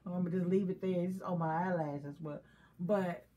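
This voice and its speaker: A woman with a slightly low voice co-hosts a relaxed chat, speaking candidly and confessionally as laughter keeps breaking through. She talks fairly quickly, and the highs in the recording are cut off.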